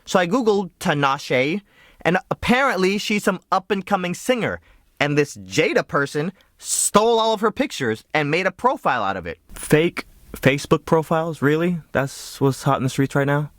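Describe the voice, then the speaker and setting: A man telling a comedic story to camera in an exaggerated way, his pitch jumping around a lot. The sound is close and dry, with little room around it. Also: normal speed, dry recording. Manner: animated and exaggerated. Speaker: YouTuber.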